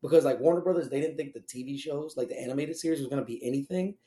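A man's voice: on the high side, very fast, roomy sound. A man co-hosting a casual podcast chat, swearing often and laughing as he talks. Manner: profane, animated, laughs often. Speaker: podcast co-host.

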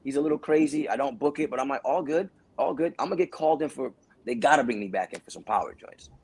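A man's voice: medium pitch, racing, slight background noise. A man from Brooklyn, telling casual, slangy stories as an actor guest. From Brooklyn, New York. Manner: animated, slangy, acts out voices. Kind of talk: casual storytelling.

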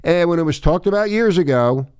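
A man's voice: on the high side, animated, brisk, darkish tone, clear, resonant tone, no room sound. A man hosting talk radio who rants in a profane, emphatic and confrontational way. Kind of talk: ranting talk radio monologue.

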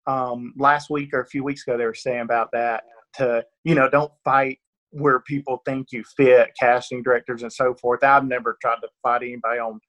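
The sound is lo-fi as a Northeast Georgia man with a rural Georgia accent answers interview questions as an actor guest. His mid-range voice is fairly bright with little pitch movement at a moderate pace, and he chats in a self-deprecating way, laughing often and restarting sentences.

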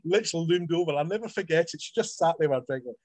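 A middle-aged Scottish man talks about his writing in an interview and tells stories with animation. His voice sits a little high for a man. The recording is dry and close, with no room echo. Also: racing. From Scotland. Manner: animated storyteller, acts out quoted voices. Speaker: author guest. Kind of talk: casual interview chat.

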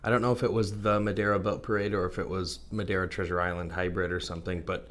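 A man co-hosting a podcast in casual chat, relaxed and quick with short replies. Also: deep voice. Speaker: podcast co-host.

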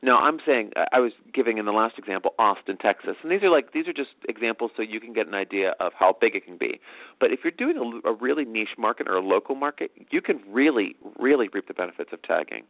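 Guy hosting a radio-style show, rambles fast w lots of ums, tinny phone-ish dry sound. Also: medium pitch, animated, no echo. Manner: rambling, filler-heavy, fast. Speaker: host. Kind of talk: casual talk show explanation.

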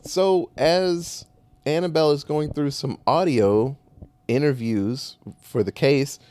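A man's voice: a little high, slow pace, a little mellow, no room sound. A man co-hosting a casual talk show, recapping a movie in a rambling, profane way and correcting himself as he goes. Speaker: podcast co-host recapping a movie. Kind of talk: casual chat.

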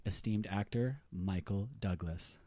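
A man doing a deadpan, crude teenage son. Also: lowish voice, a little slow, dry recording, studio quality. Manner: deadpan, blunt. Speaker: comedy podcast host. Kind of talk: improvised comedy scene.

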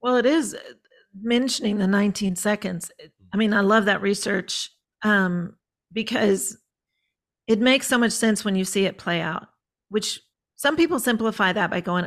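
A woman's voice: medium pitch, normal speed. A woman, a guest on a relationship podcast, explaining earnestly and giving everyday examples. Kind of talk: casual podcast conversation.

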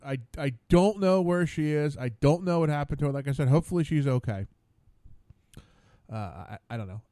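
A man's voice: on the high side, a little mellow, dry recording. A man hosting his own radio show, rambling casually alone at a studio mic, stammering and repeating words in exasperation.

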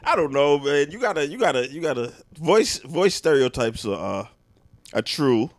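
A man guesting on a comedy podcast, blunt and quick to laugh in casual banter. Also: a little high, sing-song, no room sound.

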